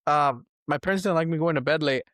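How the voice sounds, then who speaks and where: A young man in casual podcast chat, his voice sitting a little high for a man. He tells stories with easy laughs and casual swearing. The sound is close and dry. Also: fast, fairly bright tone, no room sound. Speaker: podcast co-host.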